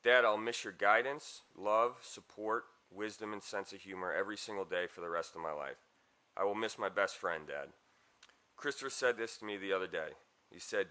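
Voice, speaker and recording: A man speaks at a memorial service, delivering a heartfelt eulogy for his father. His voice is bright and forceful and sits fairly low, and he slips in wry, self-mocking asides. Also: moderate pace. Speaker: son giving a eulogy.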